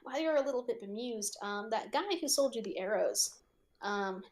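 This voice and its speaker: A woman's voice: on the high side, animated, moderate pace, a little mellow. A young woman running a tabletop game as game master, narrating with lots of giggles and fillers.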